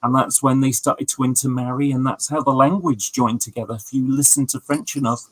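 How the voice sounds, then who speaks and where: A man's voice: medium pitch, steady tone, a little fast, dry recording, low-quality recording. A man chatting casually on a livestream with friends, telling long stories full of fillers and asides. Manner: rambling, storytelling with many fillers. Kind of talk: casual chat.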